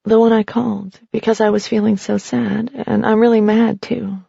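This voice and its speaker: A woman reading the lines of Teddy, a sad, withdrawn partner, in a quiet, subdued way. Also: on the high side, flat delivery, moderate pace, creaky, breathy edge, no room sound, dull audio, exaggerated voice.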